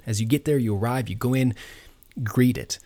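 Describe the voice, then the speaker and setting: A man preaching a sermon in an earnest, measured teaching manner, pausing on fillers and restarting phrases. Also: medium pitch, mellow. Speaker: pastor.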